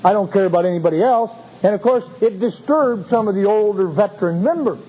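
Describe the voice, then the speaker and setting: A man's voice: high-pitched, expressive, fairly quick, a little hiss or hum. A man telling his recovery story to a meeting in a wry, self-mocking, folksy way. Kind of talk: humorous storytelling talk. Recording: dull lo-fi recording with faint ambience.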